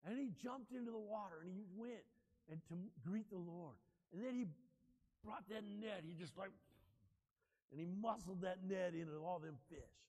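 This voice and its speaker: A male pastor preaching a sermon, telling stories in an animated way and joking with his congregation. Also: high voice, moderate pace, big-room sound. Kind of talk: sermon with personal storytelling.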